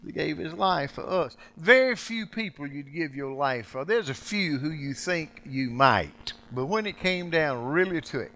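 A man preaching a sermon, acting out quoted speech and swinging dramatically from loud outbursts to hushed lines. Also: a little high, animated, measured pace, hardly any pauses.

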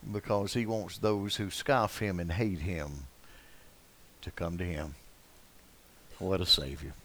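An older man preaching a sermon, telling rambling anecdotes full of uh fillers and swinging between loud and soft passages. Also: low voice. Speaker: pastor. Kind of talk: sermon with folksy storytelling.

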